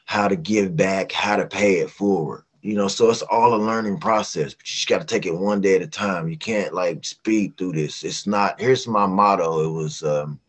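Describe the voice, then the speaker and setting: A man's voice: sits low, moderate pace, few pauses, breathy edge. A middle-aged man from West Virginia, a singer telling stories as a guest in a casual interview and acting out the voices he quotes. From West Virginia, USA. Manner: animated, acts out quoted voices.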